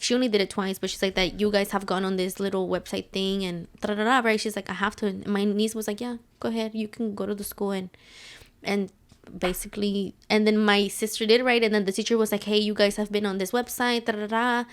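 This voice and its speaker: A woman's voice: medium pitch, flat delivery, fairly quick, clear, resonant tone. Woman, podcast co-host, casual chat, supportive, lots of agreeing replies. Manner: supportive, frequent agreeing backchannels.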